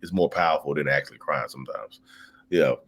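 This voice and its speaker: A man co-hosting a live stream in a casual, animated way. He reads viewer comments aloud and often repeats words as he searches for them. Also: very deep voice, fast talker, husky.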